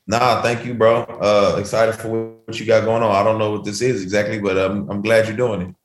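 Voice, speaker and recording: Male guest, relaxed and slangy, lower pitch, echoey room sound. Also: a little fast. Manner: reflective, easygoing, slangy. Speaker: guest artist. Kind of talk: casual chat. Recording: roomy echo.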